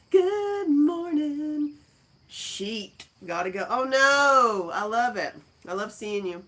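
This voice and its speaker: A woman hosting a casual livestream from a friend's house, rambling and laughing as she talks in a deep morning voice. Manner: rambling, chatty, laughs easily. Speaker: livestream host. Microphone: phone camera.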